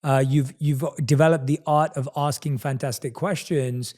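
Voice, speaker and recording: A man's voice: mid-range voice, fairly even intonation, normal speed, a little mellow. A man hosting a podcast interview, enthusiastic and affirming as he asks questions. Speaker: podcast host. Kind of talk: conversational interview.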